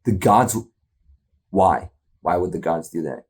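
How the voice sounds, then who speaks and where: A man's voice: low voice, animated, a little slow, breathy edge. A man hosting a reaction video, talking in a loose, rambling way, asking incredulous questions and laughing often. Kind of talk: casual reaction commentary.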